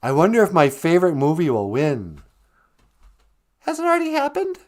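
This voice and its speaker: A woman co-hosting a morning radio show, playful and giggly, bantering in a high, bright voice. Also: wildly swooping pitch, moderate pace. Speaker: radio co-host. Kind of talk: joking morning radio chat.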